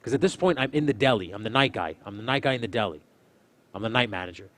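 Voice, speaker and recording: A young man casually telling a story on a stream, swearing often and loudly acting out what people said. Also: fairly low pitch, quick pace. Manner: animated, swearing, acts out quotes loudly. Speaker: streamer, host.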